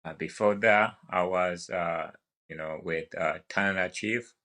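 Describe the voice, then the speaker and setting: A young man with an African accent, telling his story as a guest in a relaxed podcast chat, halting with fillers. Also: low-pitched. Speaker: guest, wildland firefighter. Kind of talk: casual podcast conversation.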